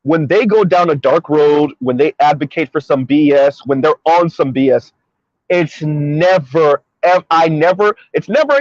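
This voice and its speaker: Male vlogger, high pitch, emphatic and mocking monologue from the car, dry lo-fi sound. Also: unhurried, no echo. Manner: emphatic, sarcastic, repeats points. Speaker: commentary vlogger. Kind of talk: opinionated commentary monologue. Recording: dull lo-fi recording.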